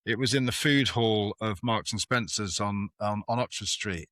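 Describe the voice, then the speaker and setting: A man's voice: lowish voice, normal speed, a bit bright, dry recording. A British man hosting a casual chat, with teasing, dry humor. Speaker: podcast host.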